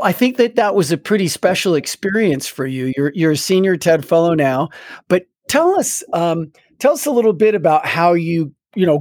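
A man's voice: sits high, a little mellow, dry recording, clean studio sound. A man hosting an interview, asking long, rambling questions full of fillers. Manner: rambling, searching for words with many fillers. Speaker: host.

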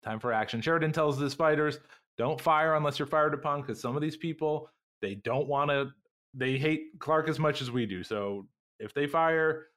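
A man's voice: fairly high pitch, moderate pace, a bit bright. A man hosting a casual podcast, animatedly retelling a TV episode and acting out the characters' lines. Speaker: podcast host. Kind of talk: casual recap chat.

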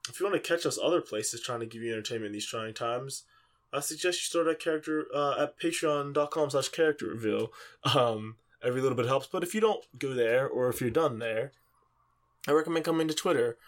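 A man's voice: mid-range voice, fairly quick. Rambling man on a casual podcast. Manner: rambling, filler-heavy storytelling. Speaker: podcast co-host.

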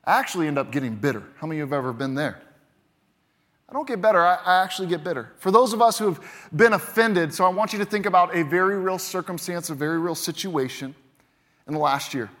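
A man preaching a sermon as pastor, emphatic, with lines that punch loud and then drop quiet. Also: high-pitched, animated, fast. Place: church. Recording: long reverb of a large church hall.

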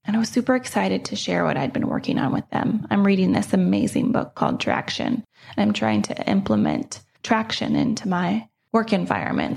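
Gravelly-voiced woman podcast host. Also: medium pitch, darkish tone. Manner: earnest, reflective storytelling. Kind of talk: personal storytelling monologue.

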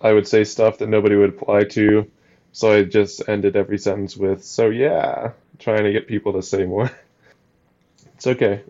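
Low-voiced young man, flat delivery. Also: moderate pace, highs cut off. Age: young adult. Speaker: podcast co-host. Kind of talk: casual chat.

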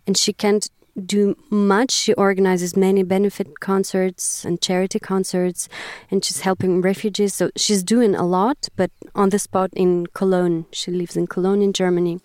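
A woman's voice: medium pitch, little pitch movement, moderate pace, darkish tone, dry recording, clean studio sound. A woman from Russia in her thirties, a composer speaking reflectively in an interview, often searching for words. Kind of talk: interview conversation. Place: Bern, Switzerland.

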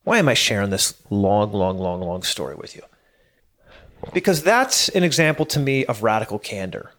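Earnest and animated, this late-thirties man delivers a casual pep talk, stumbling and repeating words when he gets fired up and occasionally laughing at himself. He speaks at normal speed with a fairly low, fairly bright voice.

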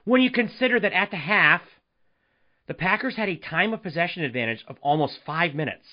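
A man hosting a solo sports podcast, ranting in an animated, exasperated way and firing off rhetorical questions. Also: high-pitched, a little fast, lo-fi sound. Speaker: podcast host.

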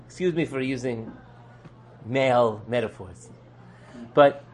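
A man, a rabbi, teaching a lively Torah class, posing rhetorical questions and answering them with jokes, his voice swinging from low and quiet to loud and high. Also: slow pace, long pauses.

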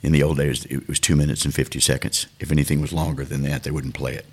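A man's voice: very deep voice, flat delivery, quick pace, slightly rough. A older man, a songwriter, talking thoughtfully and unhurriedly in an interview. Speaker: songwriter guest. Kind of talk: reflective interview talk.

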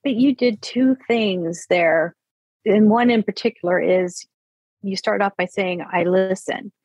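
A woman in her fifties, a therapist, explaining parenting in an earnest conversational interview and slowing down to stress her points. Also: mid-range voice, darkish tone, no echo, low-quality recording. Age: 50s.

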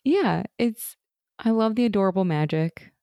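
A woman's voice: medium pitch, lively intonation, moderate pace, dark tone, no room sound. A woman co-hosting a casual chat about a TV episode, enthusiastic and gushing, often acting out lines. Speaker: podcast co-host.

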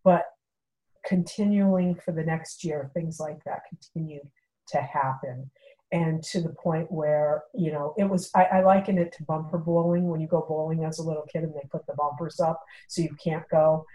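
Middle-aged woman, slightly low voice, casual storyteller who acts out dialogue. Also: moderate pace, low-quality recording. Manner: animated, acts out quoted dialogue, many fillers. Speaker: guest telling a personal story.

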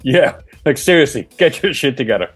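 A man's voice: medium pitch, animated, a little fast, slightly rough, soft background music. A man co-hosting a casual podcast, teasing his friend, laughing often and swearing freely. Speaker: podcast co-host.

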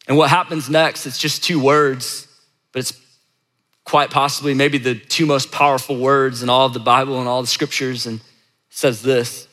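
A man's voice: medium pitch, flat delivery, normal speed, a bit bright. A man preaching a sermon as a pastor in a conversational way, with emphatic repetition. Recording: echoey hall reverb.

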